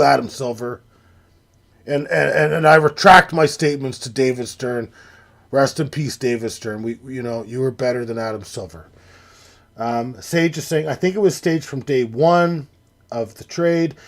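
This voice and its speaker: A young man with a high-pitched voice rants on a live sports stream, swearing at nearly every turn. He swings between loud, incredulous outbursts and low, grumbling asides into a desk mic. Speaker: livestream host.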